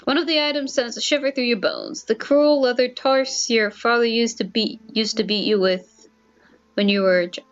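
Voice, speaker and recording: A woman's voice: fairly high pitch, steady tone, moderate pace. Young female streamer, chatty and self-mocking, lo-fi headset sound. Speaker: game streamer. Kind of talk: casual let's-play commentary and reading.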